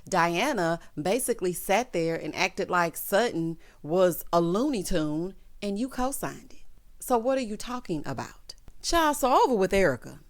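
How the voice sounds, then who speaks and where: A woman giving a heated, sassy recap of a reality show episode, scolding the cast directly as she talks. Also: mid-range voice. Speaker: reality TV commentator. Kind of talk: ranting recap commentary.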